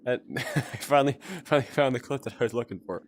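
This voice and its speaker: A young man chatting casually on a gaming livestream, his voice hoarse, strained and congested, rambling, chuckling often and talking to his chat. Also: medium pitch, fast talker. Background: game music underneath.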